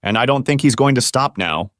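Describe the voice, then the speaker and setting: A man's voice: mid-range voice, lively intonation, fairly quick, a bit bright, no echo, studio quality, close to an everyday voice. A man voicing an earnest spirit guide. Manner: earnest, questioning, advising.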